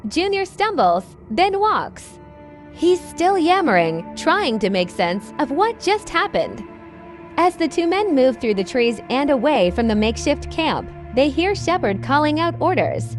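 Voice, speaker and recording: A woman narrating a scripted horror story in a slow, measured reading. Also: sits high, big pitch swings, faint music behind.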